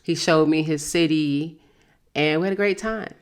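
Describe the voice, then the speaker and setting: Host, woman in her fifties, low and earnest, candid casual talk. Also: normal speed, smooth. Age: 50s. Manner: candid, earnest, plain-spoken advice.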